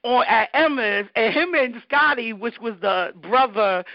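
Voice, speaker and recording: Woman DJ guest, lively storyteller, lo-fi dry recording. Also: a little high, unhurried, dry recording. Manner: animated, acts out the people she quotes. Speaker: interview guest, DJ. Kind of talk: conversational storytelling.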